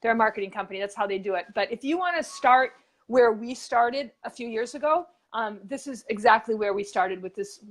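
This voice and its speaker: A woman's voice: on the high side, lively intonation, fairly quick. A woman co-hosting a motivational show, telling stories in a chatty way with lots of fillers and restarts. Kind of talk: casual motivational chat.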